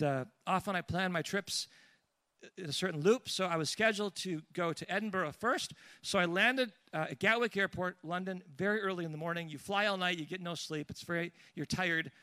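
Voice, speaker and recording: A man preaching and telling a lively personal story, with restarts and asides along the way. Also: high voice, no echo. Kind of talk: storytelling sermon.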